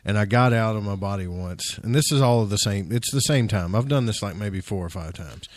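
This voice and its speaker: A man's voice: on the low side, a little fast, no room sound. A man hosting a radio talk show, chatty and telling his own story, often asking "right?". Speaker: radio host. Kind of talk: casual radio interview.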